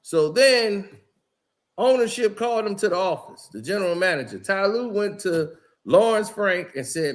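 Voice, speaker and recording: A man's voice: high-pitched, animated, moderate pace. A man hosting a basketball channel, telling a locker-room story in a slangy, emphatic way and acting out what people said. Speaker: basketball commentator channel host. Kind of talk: casual storytelling monologue.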